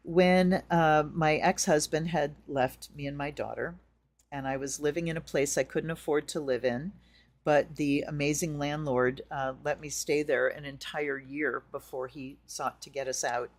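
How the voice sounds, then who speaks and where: Low-voiced woman reading tarot. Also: steady tone, measured pace. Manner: chatty, storytelling with acted-out quotes. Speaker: tarot reader.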